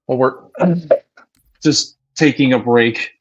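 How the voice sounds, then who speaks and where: This lo-fi clip features a gaming streamer speaking slowly in a medium-pitched voice, casually chatting, cursing freely, and reading his chat aloud as he plays.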